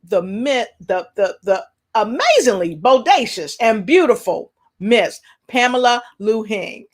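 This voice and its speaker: Woman, talk show host, playful, lively introductions, higher voice. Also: a little slow. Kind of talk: casual online talk show hosting.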